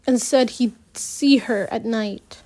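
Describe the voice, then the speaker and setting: A woman's voice: on the high side, takes it slowly, dark tone. A woman reading a novel aloud in an unpolished way, with restarts and side remarks. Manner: reads with restarts and asides. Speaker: audiobook reader. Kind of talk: unpolished audiobook narration.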